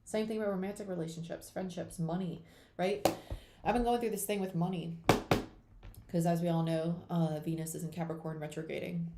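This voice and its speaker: A woman's voice: on the low side, steady tone, brisk, dark tone, echoey room, a little hiss or hum. A young woman chatting casually on a livestream, rambling with lots of fillers as she talks to viewers. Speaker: tarot reader hosting a live chat. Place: home room at her computer.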